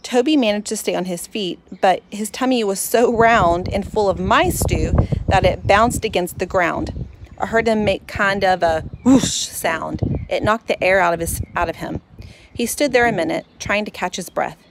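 A woman narrating a children's storybook in first person, expressive and lively. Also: mid-range voice, moderate pace, background noise.

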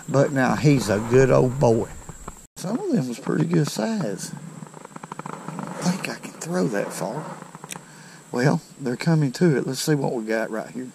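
A man's voice: medium pitch, sing-song, measured pace, creaky, a little mellow, a little hiss or hum. A man hosting a fishing video outdoors by a creek, talking to viewers in a folksy, exclaiming way. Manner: folksy, exclaiming over each catch. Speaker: fishing channel host. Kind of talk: casual outdoor narration to viewers.

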